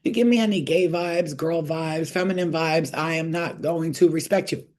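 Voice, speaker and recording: A woman giving a casual tarot reading to her viewers, blunt and profane, telling animated stories. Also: sits low, normal speed. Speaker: tarot reader. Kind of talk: casual spiritual talk to viewers.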